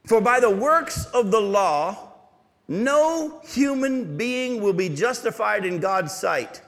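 A man preaching a sermon as pastor, animated and asking the congregation rhetorical questions. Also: sits high, long reverb tail.

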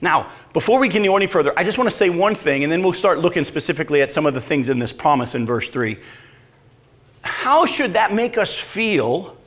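A man preaching a sermon, reading scripture and asking the congregation rhetorical questions in an animated way. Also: a little high, a little fast. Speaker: pastor.

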